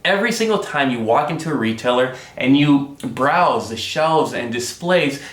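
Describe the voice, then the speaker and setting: Upbeat man with a lively voice. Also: medium pitch, roomy sound. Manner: upbeat, often addresses viewers as guys. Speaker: business vlogger. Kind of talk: casual explainer vlog. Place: home studio.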